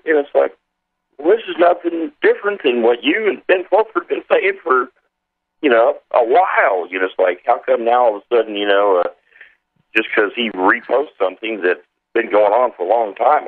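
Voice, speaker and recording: A man from Kansas calling in to a radio show, talking casually and haltingly with many fillers. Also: mid-range voice, animated, breathy edge. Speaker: caller. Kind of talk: call-in radio chat. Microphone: telephone. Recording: tinny phone line on radio.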